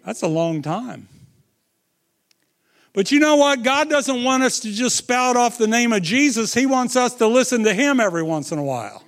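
A middle-aged man preaching a sermon, telling stories with dramatic swings between loud and hushed delivery. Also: very high voice, lively intonation, normal speed.

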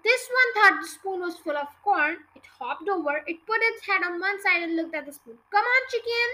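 Podcast reader: woman, expressive children's-book narration, bright tone. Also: extremely high pitch, moderate pace, rough recording. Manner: expressive, lively read-aloud. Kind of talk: reading a children's book aloud.

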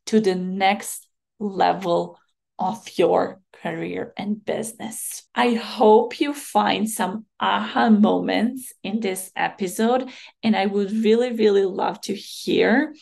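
A woman hosting a solo podcast, speaking in a hoarse voice with a slow, reflective, motivational manner. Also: mid-range voice, a little mellow. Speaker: podcast host.

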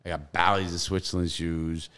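A middle-aged man telling profane, animated stories in casual podcast chat, with loud bursts. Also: low-pitched, moderate pace, clean tone.

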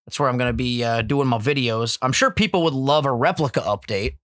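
Guy hosting a podcast, bright voice, animated and swearing a lot, dry close sound. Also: medium pitch, fairly quick, no echo. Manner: animated, profane storytelling. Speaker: podcast host. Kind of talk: casual chat.

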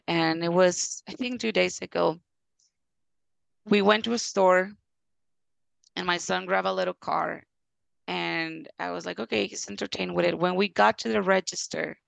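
A woman's voice: lowish voice, creaky, a bit bright, no room sound. A woman in her thirties, a podcast guest, telling personal stories earnestly and acting out the people in them. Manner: earnest, acts out voices in her anecdotes. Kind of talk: reflective personal storytelling.

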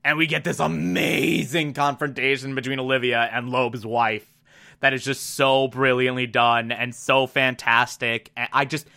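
A man's voice: medium pitch, vocal fry, bright, forceful tone. A man casually recapping a TV episode, enthusiastic and rambling, laughing at himself. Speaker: TV episode reviewer. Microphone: desk mic.

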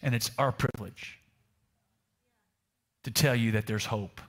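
A man's voice: medium pitch, measured pace. A male pastor preaching a sermon to a congregation in Italy. He tells a personal story and keeps asking the room rhetorical questions. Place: church service in Italy.

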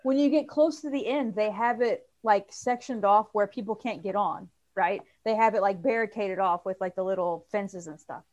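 A woman's voice: mid-range voice, moderate pace, few pauses, a little mellow, lo-fi sound. A woman co-hosting a podcast in casual chat, telling a story animatedly and acting out the quotes with big jumps in her voice. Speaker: podcast co-host.

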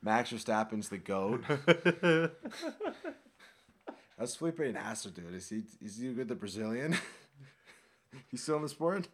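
A man's voice: mid-range voice, animated, slow, long pauses. A man co-hosting a podcast in casual chat, joking and sarcastic, swearing freely. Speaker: podcast co-host.

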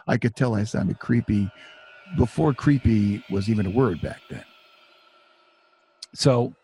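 A man's voice: fairly low pitch, big pitch swings, measured pace, vocal fry, pauses often, warm tone, breathy edge. A middle-aged man telling a personal story in a conversational, self-deprecating way, full of asides. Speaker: author and storyteller.

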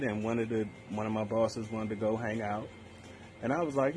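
A man's voice: fairly low pitch, fairly quick, darkish tone, soft background music. A man in the military telling a story in casual chat, laid-back and drawn out. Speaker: military service member.

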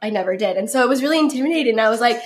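A young woman chatting openly about her story, full of fillers, sometimes bubbly and sometimes quiet. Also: on the high side, lively intonation, very fast. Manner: chatty, many fillers, shifts from bubbly to subdued. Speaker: guest sharing her story. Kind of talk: casual heartfelt conversation.

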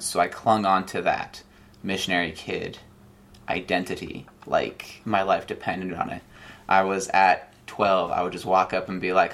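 A young man with a low voice speaks as a guest in a relaxed interview. He tells his story with energy and acts out the lines people said. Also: a little slow, creaky. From Nigeria and Ohio. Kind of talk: casual interview.

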